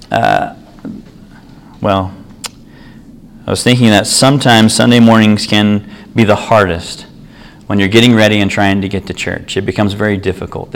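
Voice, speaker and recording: A man's voice: mid-range voice, poor audio. A man preaching a sermon, telling an everyday story in an earnest, conversational way.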